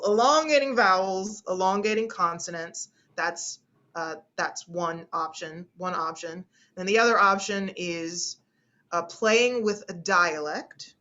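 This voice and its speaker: A woman's voice: lowish voice, sharp tone. Chatty woman speech teacher, dull audio. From United States. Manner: chatty, repeats phrases and restarts often. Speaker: speech instructor. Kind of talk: online class lecture.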